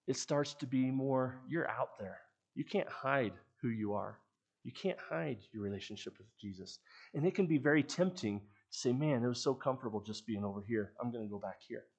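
A middle-aged man preaching a sermon, telling stories in an earnest way that often trails off softly. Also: medium pitch. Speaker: pastor.

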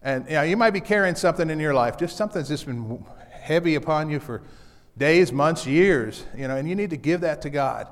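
A man's voice: a little high, expressive, a little fast, few pauses. Pastor, man, homely conversational sermon that restates each point, slightly raised voice, echoing church hall. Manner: repeats key lines, folksy asides. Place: church sanctuary.

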